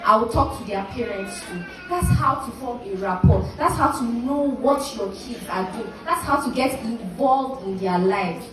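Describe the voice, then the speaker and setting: A woman's voice: a little high, animated, a little slow, few pauses, music in the background. A young woman speaking at a school graduation, earnestly urging parents and acting out little dialogues between parent and child. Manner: earnest, preachy, acts out parent and child quotes. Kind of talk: exhortative speech to parents. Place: outdoor or large hall ceremony. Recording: echoey PA from far off, noisy.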